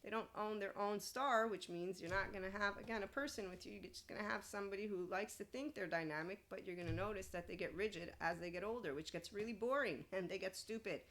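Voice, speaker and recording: This spiritual self-help podcast host talks fast with few pauses, her medium-pitched voice a bit bright. She reads an AI answer aloud, then fires back in a blunt, opinionated, freely profane monologue.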